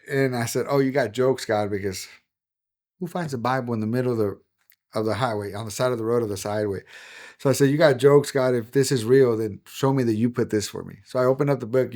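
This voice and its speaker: Middle-aged man, pastor giving heartfelt testimony; everyday mid-pitch voice, earnest, goes soft on painful parts. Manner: earnest, emotional storytelling, drops to a hush on painful moments. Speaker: pastor and podcast guest. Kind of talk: personal testimony in conversation.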